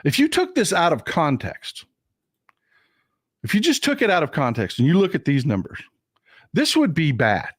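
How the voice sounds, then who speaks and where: A man from Texas hosting a livestream of political commentary, getting over a cold, talking in an animated, indignant way and repeating phrases for emphasis. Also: fairly high pitch, normal speed, long pauses, husky, dry recording, clean studio sound. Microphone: desk mic at a computer for a livestream.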